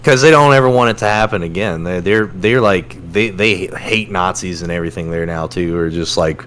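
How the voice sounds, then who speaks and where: A young man with a low voice chatting easily on a podcast, chuckling as he talks. He leans on fillers like "like" and "uh," and a faint hiss sits under the recording. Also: fairly quick. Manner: relaxed, chuckling, lots of "like" and "uh". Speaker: podcast co-host. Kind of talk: casual podcast chat.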